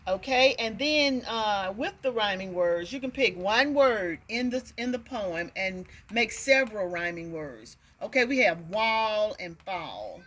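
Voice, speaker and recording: A woman's voice: medium pitch, animated, unhurried, hardly any pauses, a bit bright. A woman teaching parents how to work on reading with a nursery rhyme, sounding out words and checking in with "okay.".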